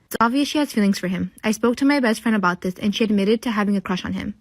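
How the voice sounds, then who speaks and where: A woman reading a personal story aloud in a steady, matter-of-fact way. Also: medium pitch, fast, dry recording.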